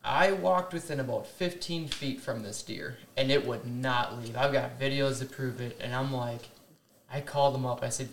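A man's voice: mid-range voice, unhurried. A man hosts a casual podcast chat and winds through a long anecdote, chuckling now and then. His voice sits mid-range and carries in a roomy space. A faint hum of ambience runs under it. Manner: rambling anecdotal, chuckles at his own stories. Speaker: podcast host.

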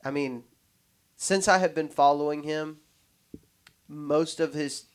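A man's voice: a little high, steady tone, slow, clean tone. Rambling man in casual chat. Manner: rambling, many restarts and fillers. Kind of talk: casual hunting podcast chat.

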